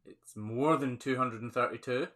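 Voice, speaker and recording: Reading viewer comments and laughing a lot, this Scottish livestream host, a hoof trimmer, runs a relaxed, upbeat phone Q&A. He speaks at normal speed in a mid-range, slightly bright voice.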